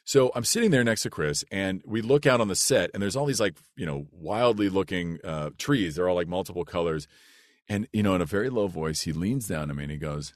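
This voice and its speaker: Deep-voiced man telling a funny story. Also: a little fast, no room sound, clean studio sound. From United States. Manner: animated, laughs through the story. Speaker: podcast guest, actor. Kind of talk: casual storytelling.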